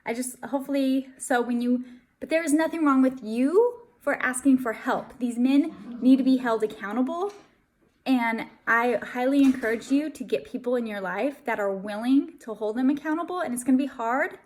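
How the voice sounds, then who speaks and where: A woman's voice: sits high, normal speed, darkish tone. A young adult woman giving earnest, emphatic relationship advice straight to her viewers in casual talk. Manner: earnest and emphatic, addresses viewers as you guys. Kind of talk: casual direct-to-camera talk.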